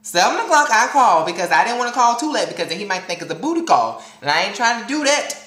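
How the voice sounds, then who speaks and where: A man speaks straight to his viewers in a casual storytelling vlog, animated and dramatic with plenty of sass. His voice rings out in an echoey room, picked up by the camera mic. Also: high voice, fast. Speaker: vlogger addressing viewers.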